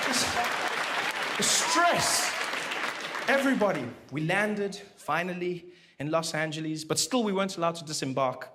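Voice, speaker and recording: A man's voice: high voice, lively intonation, unhurried, a loud crowd. A man from doing a stand-up comedy routine, telling stories animatedly and acting out voices, recorded in a noisy live venue. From South Africa.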